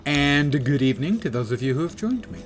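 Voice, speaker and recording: A man's voice: fairly high pitch, a little fast, soft background music. Chatty male game streamer. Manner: relaxed, joking, chatty with viewers. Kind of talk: casual live-stream commentary.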